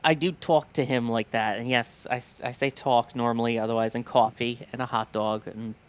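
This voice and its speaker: A man with a softened North Jersey accent co-hosting a livestream, commenting on a test in quick, joking banter. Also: mid-range voice, steady tone, smooth. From New York, New Jersey border. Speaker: livestream co-host. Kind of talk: casual live commentary.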